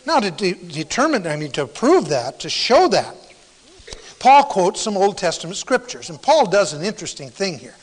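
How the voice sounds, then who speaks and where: Man, preacher, sermon, high voice, emphatic with hushed asides, long church reverb. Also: very animated, moderate pace. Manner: emphatic, drops to near-whispers for stress.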